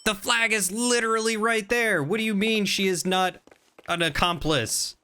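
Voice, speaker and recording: A man's voice: high-pitched, normal speed, sharp tone, clean tone. A man streaming a detective game, chatting casually and joking in a mock southern drawl. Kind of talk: casual gameplay commentary.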